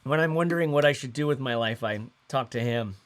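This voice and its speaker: A man's voice: medium pitch, brisk, clean tone. A man in his thirties hosting a casual livestream, talking in a loose, rambling way with lots of fillers and slang. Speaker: host.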